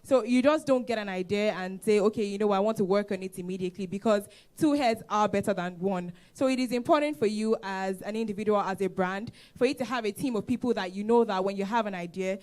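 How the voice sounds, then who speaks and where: A woman's voice: medium pitch, fast talker, hardly any pauses, darkish tone. Earnest woman co-hosting a conference. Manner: earnest, sums up advice. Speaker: conference co-host. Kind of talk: live event hosting. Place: conference hall on stage.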